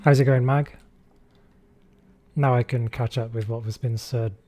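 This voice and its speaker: A man's voice: medium pitch, a little slow. Chatty man streaming a game. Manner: relaxed, chatty, reads chat aloud, frequent fillers. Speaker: streamer host. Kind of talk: casual gaming livestream chat.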